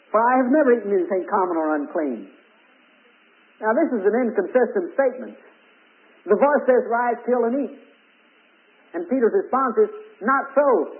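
A man preaching a sermon with emphatic rises on key words. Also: high-pitched. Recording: tinny phone-like old recording.

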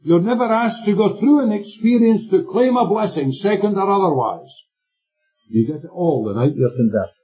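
An expressive, high-voiced man preaches at normal speed with emphatic delivery. He keeps checking in with his listeners through questions. The recording is lo-fi and dull, with faint music in the background.

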